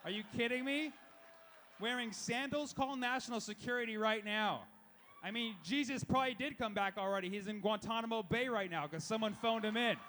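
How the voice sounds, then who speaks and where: A man's voice: high voice, sharp tone, slight background noise. A young man doing a stand-up set, firing off punchlines and acting out little voices of the people in his jokes. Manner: rapid-fire punchlines with acted-out voices. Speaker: stand-up comedian. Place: live comedy show.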